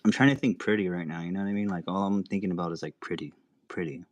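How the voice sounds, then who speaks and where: Low-voiced joking young man. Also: fairly even intonation, rapid-fire, no echo. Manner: joking, teasing, repeats catchphrases. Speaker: guest co-streamer. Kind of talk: casual chat.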